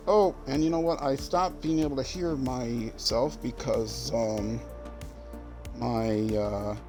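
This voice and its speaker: A man's voice: a little high, a little mellow. A man giving casual gameplay commentary as a streamer, rambling and correcting himself, with jokey asides. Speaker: game streamer.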